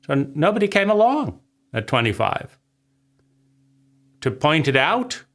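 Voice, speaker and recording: A man's voice: fairly high pitch, very animated, unhurried, a bit bright. A man in his forties giving a rambling, conversational monologue of advice, often checking in with "right?". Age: 40s. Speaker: vlogger. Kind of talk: reflective spoken monologue.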